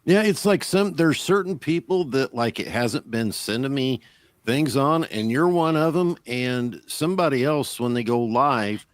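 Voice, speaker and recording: A man's voice: medium pitch, animated, a little slow, no room sound. A man chatting as a guest on a livestream, rambling and trailing off mid-sentence. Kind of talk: casual livestream chat.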